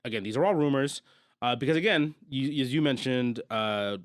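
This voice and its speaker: A man co-hosting a podcast, chatting casually through a movie recap, animated and laughing often. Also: moderate pace, no echo, studio quality. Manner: animated, laughs often, jumps higher when excited. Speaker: podcast co-host.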